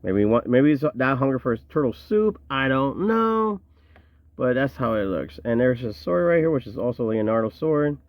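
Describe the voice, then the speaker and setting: Sex: man. Style: lively, chatty toy review. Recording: dull, dry. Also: mid-range voice, moderate pace, no room sound. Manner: chatty and slangy, joking asides. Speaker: toy collector reviewing action figures. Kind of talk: casual show-and-tell review.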